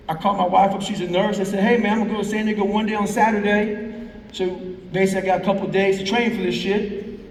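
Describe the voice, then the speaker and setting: Speaking high with vocal fry and a slightly mellow tone, a middle-aged motivational speaker tells an intense, profane story to a live audience in a large hall. The recording, made from the crowd on a fan's camera, is roomy and distant, with slight background noise.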